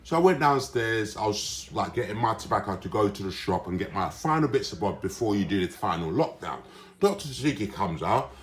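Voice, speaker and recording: Agitated man, rambling solo vlog rant with lively pitch, recorded in a roomy space. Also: brisk. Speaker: vlogger. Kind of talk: rambling casual monologue. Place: indoors, his room. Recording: roomy echo.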